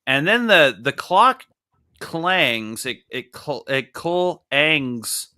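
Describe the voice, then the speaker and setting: Bright-voiced profane young man. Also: a little high, drawn-out words, smooth. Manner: animated, profane, joking. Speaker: comic book review host. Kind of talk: casual podcast chat.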